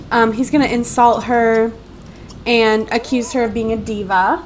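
A woman's voice: on the high side, measured pace, a little hiss or hum. A woman hosting a let's play, chatty and narrating each move on a USB desktop mic. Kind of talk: casual gameplay commentary.

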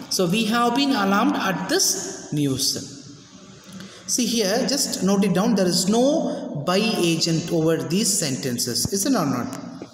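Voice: mid-range voice, a little hiss or hum. A teacher giving a grammar lesson, working through examples and often checking that students follow. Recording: very echoey room with long reverb.

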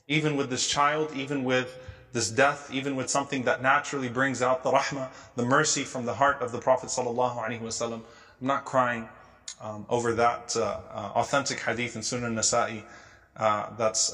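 A man delivers a religious lecture as a story, earnest and unhurried, dropping in Arabic phrases and slowing down at key points. His voice is bright and forward, with a middle pitch. A long hall reverb trails every phrase. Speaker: Islamic lecturer.

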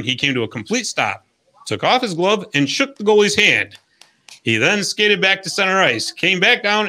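A male podcast host telling a hockey history story with upbeat, jokey energy. His voice sits a bit high and bright, rising and falling a lot as he reads. It sounds like a casual scripted segment among friends.

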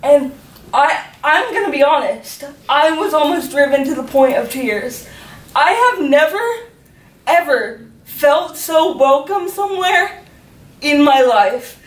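A woman's voice: high-pitched, expressive, slow. A teenage girl giving a chatty personal faith testimony to her youth group, with many "like"s and frequent laughter. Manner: chatty, filled with "like", laughing often. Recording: echoey room, faint ambience, from far off.

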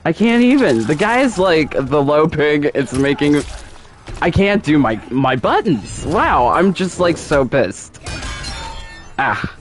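A man's voice: a little high, very animated, slow pace, faint music behind. A man streaming live gameplay commentary, exasperated and repeating himself as he talks to himself and his chat. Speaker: gaming streamer.

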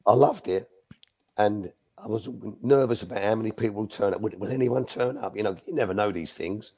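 An older man, once a youth coach, tells anecdotes as a guest in a live Q&A. He's chatty, restarts sentences as he goes, and acts out quotes, speaking fairly quickly in a lowish, warm voice.

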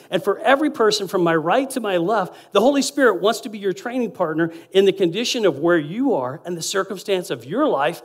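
Animated, fairly high-voiced male preacher. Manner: animated, acts out quotes, swings from loud to quiet. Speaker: guest preacher. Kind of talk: sermon.

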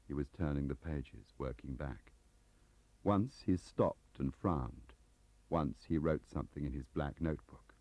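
A middle-aged man reading his novel aloud in a measured, expressive way. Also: very deep voice, dry recording. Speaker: author narrating. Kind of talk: audiobook reading. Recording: muffled tape audio.

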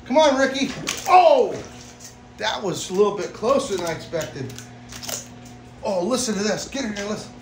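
A man hosting a casual vlog at an exotic pet store, excitable, often bursting into laughter and loud exclamations while feeding animals. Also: sits high, fairly quick, background noise. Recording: echoey room.

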